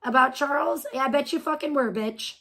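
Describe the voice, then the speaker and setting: Woman streaming from home, kinda high voice, swears a lot, sarcastic and mocking. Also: brisk, fairly bright tone. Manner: profane, mocking, sarcastic asides. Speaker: streamer reacting to another stream. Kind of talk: live stream commentary.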